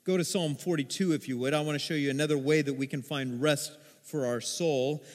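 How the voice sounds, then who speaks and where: A man preaching a sermon as pastor, telling stories with animated acted-out voices. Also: a little high, fairly quick. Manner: animated storytelling, acts out voices in quotes. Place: church sanctuary. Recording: long hall reverb.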